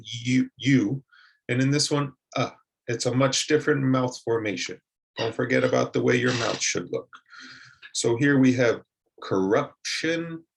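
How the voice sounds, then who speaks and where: A man teaching English pronunciation, modeling words slowly and asking learners to repeat them. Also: medium pitch, vocal fry.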